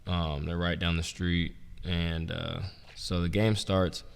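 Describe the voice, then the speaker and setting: A young man, a former college basketball player and coach, telling stories in a relaxed, rambling way, full of "like" and "um". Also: deep voice, takes it slowly, creaky, smooth. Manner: relaxed, rambling, heavy use of "like" and "um". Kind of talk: casual storytelling interview. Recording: roomy with long reverb.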